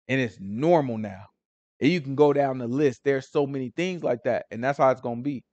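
A man teaching a Bible study in loose, slangy conversational talk, animated and often checking in with his listeners. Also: mid-range voice, fairly quick, dry recording. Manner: animated, slangy, keeps asking listeners "right?".

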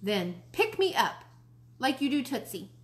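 A small, mischievous boy who cannot stand his baby sister, speaking in a high, whiny, childlike voice from a read-aloud storybook, as a woman reader puts him on. His voice sits well above the reader's own. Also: very animated, measured pace.

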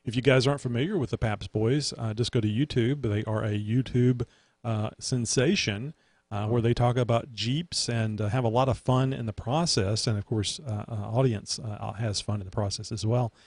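A man's voice: mid-range voice, fairly even intonation, moderate pace, a little mellow, husky, dry recording. A man hosting a casual podcast, rambling with many fillers. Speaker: host.

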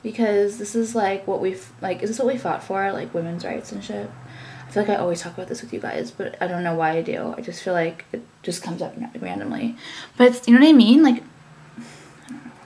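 A woman's voice: mid-range voice, dark tone. Ranting young woman, filler-heavy. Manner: ranting, frequent "like" fillers, swearing. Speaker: vlogger and business owner. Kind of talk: casual chat to camera.

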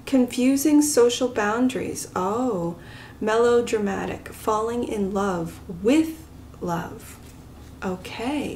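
Soft-spoken woman giving a tarot reading. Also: fairly high pitch, slight background noise. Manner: gentle and soft-spoken, drops to a whisper at times. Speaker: tarot reader. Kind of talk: pick-a-card tarot reading.

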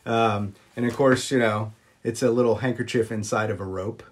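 A man chatting casually on a live stream, greeting viewers and filling pauses with ums as he shows old magic props. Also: steady tone. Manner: chatty, greets viewers, jumps up high on exclamations; frequent ums and uhs. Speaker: vlogger showing magic props.

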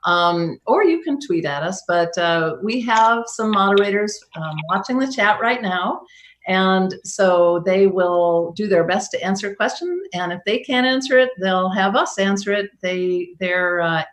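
A woman presents a live science show remotely from her home, talking through a video call at a middle pitch. She keeps a loose, chatty flow and pokes fun at her own jokes as she goes. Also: animated, measured pace. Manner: chatty with wry self-mocking jokes.

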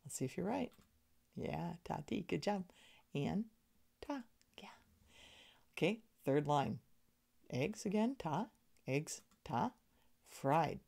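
A woman's voice: sits low, creaky, warm tone. A woman teaching an elementary music lesson to young children, encouraging them and chanting rhythm syllables. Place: screen in front of her.

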